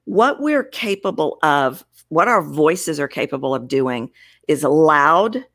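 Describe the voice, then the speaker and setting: A woman's voice: low-pitched, sing-song, measured pace, a bit bright. A woman voice coach in an interview, talking expressively about how voices work and showing vocal variety as she explains. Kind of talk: interview conversation.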